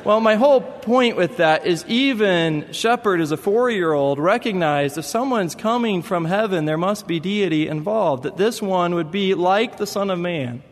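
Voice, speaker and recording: Man, pastor, sermon, storytelling, emphatic, somewhat high voice, long reverb. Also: animated, moderate pace, few pauses.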